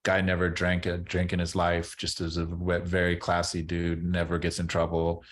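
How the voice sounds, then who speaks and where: Middle-aged male guest, very low voice, loose rambling chat with lots of restarts. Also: completely flat delivery, normal speed. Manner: rambling, repeats words and restarts often. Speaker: podcast guest, former baseball player. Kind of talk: casual interview chat.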